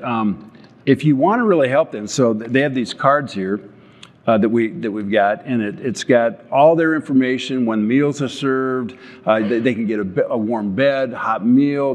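A man's voice: medium pitch, darkish tone. An older man, a company founder, giving an earnest storytelling talk on stage and often restarting his words. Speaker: company founder speaking at an event. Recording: long hall reverb.

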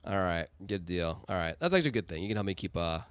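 A man hosting a custom game mode in casual, excited commentary, shouting when rounds get tense. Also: low-pitched, fast talker, clean tone, dry recording. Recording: music playing behind.

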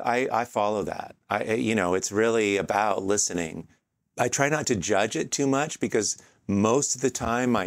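A man with a fairly low voice hosts a podcast and thinks out loud in a relaxed, reflective way. He often pauses with fillers and restarts his sentences. The sound is dry and close, with no room echo. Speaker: podcast host. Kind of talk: casual podcast talk.

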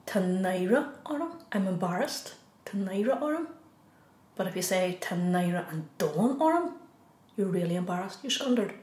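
A woman with an Irish accent teaching a beginner language lesson, saying each phrase slowly, repeating it, then giving the English. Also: mid-range voice, expressive, darkish tone. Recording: echoey room.

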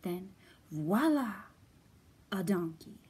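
A woman voicing a fast-talking fox huckster. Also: medium pitch, animated, a little mellow, heavily acted. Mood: persuasive. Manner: smooth-talking, salesy patter. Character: fast-talking scheming male fox salesman. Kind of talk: children's storybook reading.

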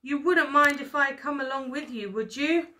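A woman's voice: sits high, moderate pace, bright, forceful tone, pitched above the performer's own voice. A woman voicing a lazy male lion in a storybook who is easily frightened and whimpers. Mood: scared. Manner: easygoing, then whimpering.

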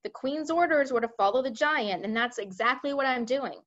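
A woman's voice: sits high, moderate pace, fairly bright tone, dull audio. A woman voicing a cheerful, fearless young male pilot. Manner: cheerful, unbothered.

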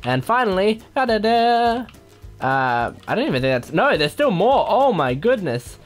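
A woman hosting a gaming video, chatting casually over her gameplay, excitable and giggly, breaking into sung dance noises. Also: low voice, normal speed, soft background music.

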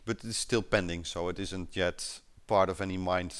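A man casually explaining a software client during a screen-share chat, pausing often with fillers. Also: sits low, fairly even intonation, clear, resonant tone.

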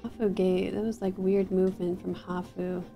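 A woman's voice: medium pitch, flat delivery, moderate pace, gravelly, mellow, faint music behind. A woman streaming a social deduction game, chatting casually with other players and thinking aloud, a little hesitant. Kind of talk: casual gaming chat.

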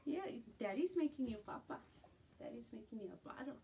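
A woman's voice: on the high side, lively intonation, fairly quick, vocal fry, warm tone. A middle-aged woman selling jewelry on a live stream from home, chatting casually and sometimes cooing in baby talk. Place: home at night. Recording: distant phone mic with faint room noise.

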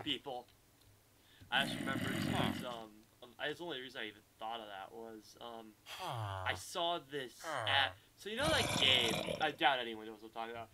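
A man giving excitable gameplay commentary, swinging from loud outbursts to quiet muttering. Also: mid-range voice. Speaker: gaming channel host. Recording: heavy background noise.

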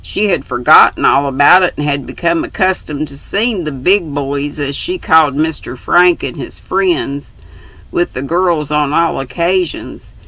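A woman in her sixties reading a classic novel aloud, with a steady storytelling voice that lifts in pitch for the girls' dialogue. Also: measured pace, no echo, poor audio. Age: 60s. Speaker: audiobook reader.

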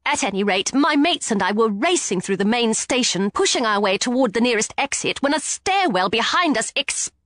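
A woman narrating an audiobook in a lively first-person storytelling manner. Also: on the high side, a little fast, few pauses, no echo, clean studio sound. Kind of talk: scripted narration.

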